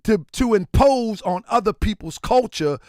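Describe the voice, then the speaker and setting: A man with a high voice hosts a livestream at a normal speed, captured in a dry recording with clean studio sound. Animated and sometimes preachy, he talks casually and often shouts.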